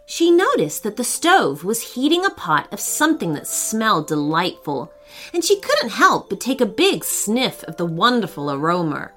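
A woman narrating a children's story in a gentle, expressive reading voice. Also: medium pitch, moderate pace, faint music behind.

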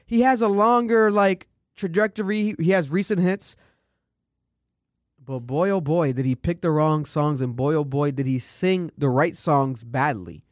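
A man co-hosting a casual show, swearing freely and mocking performances in animated commentary. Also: on the high side, measured pace, dry recording, clean studio sound. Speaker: co-host.

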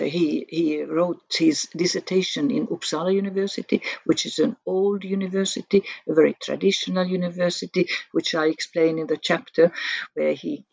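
A woman guest author explaining her research chapter in an academic interview, measured with restarts. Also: low-pitched, creaky, a little mellow, breathy edge, no echo, rough recording.

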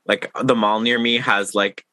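A man's voice: fairly low pitch, steady tone, measured pace, sharp tone, no echo. A man hosting a casual podcast, rambling with fillers and teasing his guest playfully. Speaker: podcast host.

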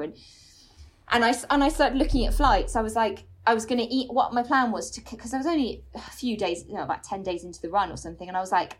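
A woman comedian, a guest on a podcast, chatting casually and telling an animated story with lots of fillers and the odd swear word. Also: a little high, fast talker.

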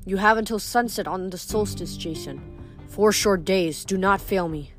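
A woman voicing a hushed, stern goddess. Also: medium pitch, normal speed, music in the background, close to an everyday voice. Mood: ominous. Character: imprisoned goddess, commanding and cold.

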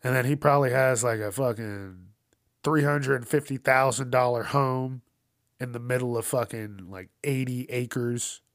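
A man's voice: medium pitch, steady tone, measured pace, dry recording, clean studio sound. A man hosting a casual news commentary show, swearing often and ranting with frequent laughs. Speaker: host.

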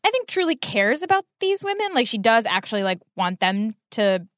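Fast-talking woman recapping a show. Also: a little high, no echo, clean studio sound. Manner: rambling, filler-heavy, animated retelling. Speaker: podcast co-host. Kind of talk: casual chat recapping a TV episode.

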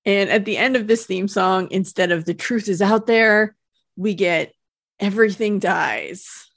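Female podcast co-host, wry and chatty, gravelly voice, dry close recording. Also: mid-range voice, steady tone, moderate pace, a bit bright, dry recording. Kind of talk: casual chat.

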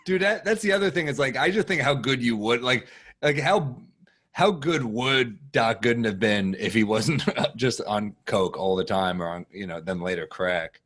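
A man with a raspy voice, a comedian chatting casually as a podcast guest and trading quick banter about sports. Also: medium pitch, expressive, fairly bright tone.

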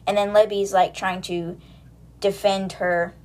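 A woman hosts a book podcast and recaps the story in a relaxed, talkative way. Her voice sits at an ordinary middle pitch, and she keeps it conversational and loose, with frequent fillers as she paraphrases. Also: a little slow. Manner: chatty retelling with lots of "like" and paraphrase. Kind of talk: casual chapter recap.

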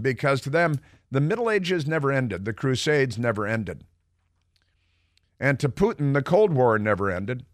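Man, radio talk host, middle-aged, mocking, combative, average pitch, dry studio mic. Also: fairly bright tone, no echo. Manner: combative and mocking, with sarcastic asides. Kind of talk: opinionated radio commentary. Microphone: studio microphone.

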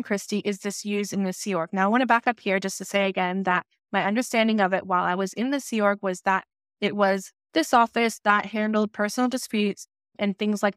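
A woman's voice: mid-range voice, no echo, clean studio sound. A woman co-hosting a podcast, telling a personal story in a candid, conversational way and acting out remembered dialogue. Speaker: podcast co-host.

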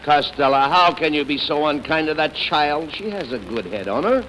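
A man's voice: a little high, animated, moderate pace, sharp tone. Scolding straight man on old radio. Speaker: comedy straight man, co-host. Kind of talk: 1940s radio comedy. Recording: noisy old radio broadcast.

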